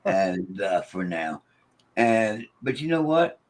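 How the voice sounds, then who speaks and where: A man's voice: sits low, sing-song, slow. A man talking casually about ghost box sessions, rambling with many restarts and quoting the voices he hears. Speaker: paranormal investigator. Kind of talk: casual chat.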